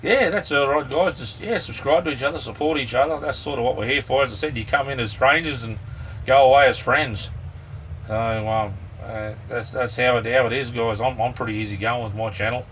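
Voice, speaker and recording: Chatting briskly with his livestream viewers, a middle-aged Australian man rambles easygoingly from inside a small camper van, leaning on ums and "mate." His voice is mid-range and slightly bright. The recording has a distant mic and the faint hum of a running fan.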